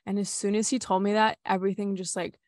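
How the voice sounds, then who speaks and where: A woman's voice: mid-range voice, little pitch movement, fast talker, a little mellow. A young woman who runs retreats shares a personal story in an open, chatty way, leaning on "like" and dropping casual swears. Her voice sits in a middle register. The sound is close and dry, with no room echo. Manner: candid, filler-heavy with frequent "like", swears casually. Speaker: retreat facilitator.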